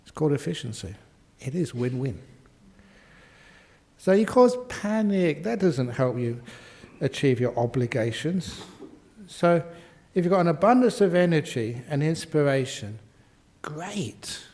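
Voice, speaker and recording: A man's voice: on the high side, lively intonation, measured pace, a little mellow. An older man, a Buddhist monk answering questions in a humorous dharma talk, playfully acting out quotes and sound effects.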